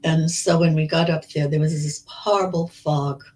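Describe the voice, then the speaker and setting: Older woman, 90s, interview guest; slow, halting storyteller, frequent restarts. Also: sits low, steady tone, darkish tone, poor audio. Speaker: Holocaust survivor guest. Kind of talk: recounting memories in an interview.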